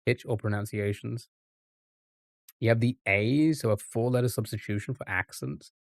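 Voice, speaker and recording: A man streaming live, thinking aloud over a word puzzle with frequent pauses and restarts. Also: on the low side, steady tone, no room sound, studio quality. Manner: halting, restarts often, muses aloud.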